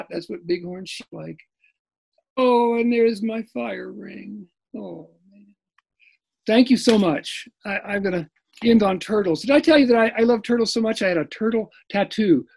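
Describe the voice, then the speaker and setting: Older man from Kentucky, storyteller on a video call; husky, animated, acts out quotes. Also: high voice, measured pace, poor audio. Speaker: presenter. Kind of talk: storytelling talk.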